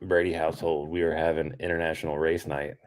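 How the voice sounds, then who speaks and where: A man's voice: very deep voice, quick pace. A man in his thirties co-hosting a podcast over a call, chatting casually with easygoing restarts. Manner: relaxed, rambling with restarts. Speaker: podcast co-host. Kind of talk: casual chat.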